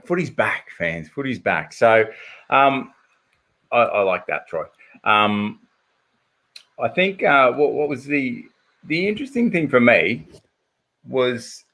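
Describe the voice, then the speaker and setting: A man's voice: medium pitch, vocal fry, a bit bright. An Australian man hosting a casual football podcast, chatty and full of fillers and stats. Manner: chatty, stat-heavy, lots of fillers. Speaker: podcast host. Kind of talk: casual footy chat.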